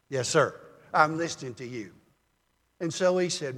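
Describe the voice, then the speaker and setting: An older man preaching a sermon as a pastor, telling folksy stories in a calm, measured way. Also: a little high, long reverb tail.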